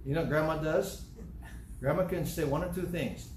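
Older male preacher, animated storyteller, slightly high voice, echoey room with faint hum. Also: moderate pace. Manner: animated storytelling, acts out quotes. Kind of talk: sermon.

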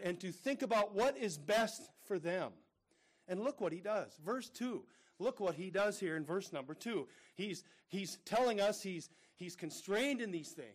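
A middle-aged male pastor preaching a sermon, earnest and full of rhetorical questions, calling his listeners brethren. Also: high-pitched.

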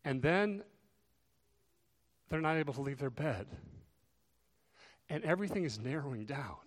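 A man preaching to his congregation, fairly high in pitch, earnest and urgent. He pushes his voice up for emphasis and then drops it low. The sound rings with the long reverb of a large hall. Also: very animated, moderate pace. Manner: earnest, rises and falls in volume for emphasis. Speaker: pastor. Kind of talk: sermon.

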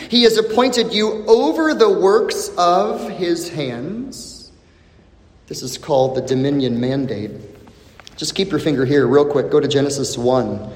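A man preaching a sermon, expressive and dramatic, repeating questions for emphasis with long pauses. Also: high-pitched. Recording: echoey hall with long reverb.

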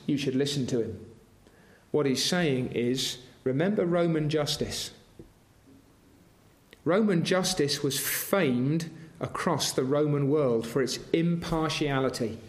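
A man's voice: a little high, unhurried. A man preaching a sermon, earnest and asking his congregation rhetorical questions. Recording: roomy echoing hall.

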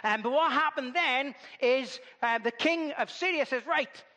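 Male preacher, animated storyteller; high voice in a reverberant hall. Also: moderate pace. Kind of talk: sermon.

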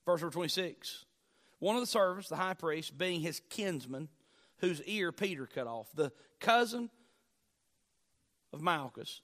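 A man preaching a sermon, repeating key phrases and moving between loud declarations and hushed, low lines. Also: animated, unhurried, pauses often. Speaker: pastor.

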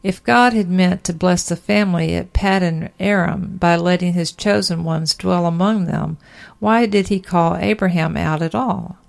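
Woman reading out a sermon, lowish voice with some gravel, earnest preachy cadence. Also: moderate pace. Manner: earnest, emphatic preaching cadence with rhetorical questions. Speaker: sermon reader.

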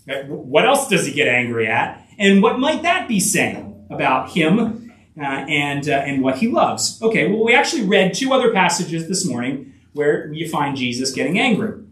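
In a church sanctuary, a pastor delivers a sermon in a high, sing-song voice that swings widely and climbs to emphatic peaks. He speaks earnestly at a normal speed with a fairly bright tone, full of fillers, restarts and rhetorical asides. The recording is roomy and echoey, captured from some distance.

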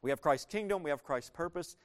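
A pastor preaches a sermon in an earnest, emphatic way, asking the congregation rhetorical questions and repeating phrases for weight. His voice is a little high, animated, and brisk.

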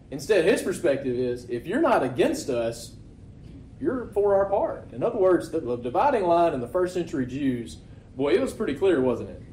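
A man's voice: a little high, big pitch swings, normal speed, mellow, slight background noise. A man preaching a sermon to his congregation in a casual, conversational way, often asking rhetorical questions. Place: church. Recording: echoey room.

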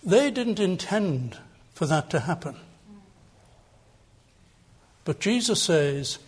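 A man's voice: on the high side, lively intonation, takes it slowly, pauses often, breathy edge. An older man preaching a sermon as pastor, earnest and emphatic, building on repeated phrases.

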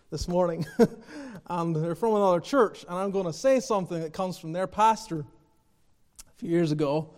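Male preacher with a high voice, passionate and emphatic, builds to shouts and drops to quiet asides. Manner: passionate, rising to near-shouting then dropping low; repeats phrases, chuckles. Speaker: pastor. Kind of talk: sermon.

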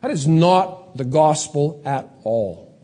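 A male pastor delivering a sermon in a fairly high voice. He asks the congregation questions and drags out key words for emphasis. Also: expressive, dark tone. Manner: emphatic preacher, rhetorical questions, slows down for stress.

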